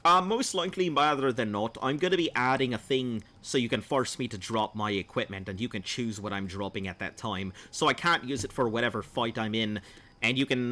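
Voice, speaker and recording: A man's voice: medium pitch, bright, forceful tone. A man streaming a game and chatting with viewers in a put-on Australian accent, rambling and playful. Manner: rambling, playful, talks to chat. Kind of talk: gameplay livestream chat.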